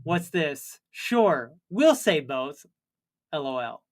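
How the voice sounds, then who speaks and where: A man's voice: on the high side, very animated, slow pace. A man co-hosting a comedy livestream, chatting casually and reading viewer comments aloud, rambling and joking at his own expense. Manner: rambling, jokey and self-mocking.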